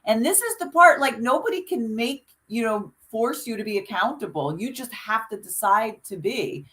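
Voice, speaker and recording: A woman's voice: fairly high pitch, lively intonation, normal speed, fairly bright tone, poor audio. Earnest woman coaching in casual talk. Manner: earnest, coaching tone with many restarts. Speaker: podcast co-host. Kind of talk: casual conversational discussion.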